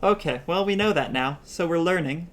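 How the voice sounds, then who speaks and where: A man's voice: fairly high pitch, moderate pace, slight background noise. A man running a tabletop game as game master, chatty and rambling, laughing often.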